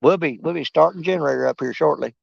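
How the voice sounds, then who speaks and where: A fishing vlogger talks fast in a slightly high, gravelly voice with a darkish tone and breathy edge. Out on the riverbank he jokes and rambles in a folksy, casual way, and the recording is muffled with no echo.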